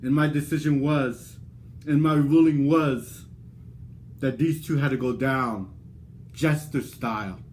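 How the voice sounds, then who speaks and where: Slow, boastful man cutting a wrestling promo. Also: mid-range voice, steady tone, a little mellow, slight background noise. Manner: boastful, drawn-out dramatic delivery.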